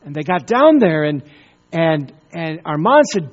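A man preaching a sermon, telling a story with pauses and repeated words. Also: on the high side, big pitch swings, lo-fi sound. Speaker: pastor.

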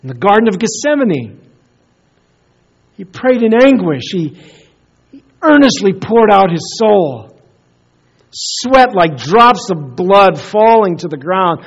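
Earnest high-voiced man preaching. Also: big pitch swings, takes it slowly, pauses often, breathy edge. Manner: earnest, often dropping to a hushed, soft voice. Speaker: pastor. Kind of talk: sermon. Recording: dull lo-fi recording.

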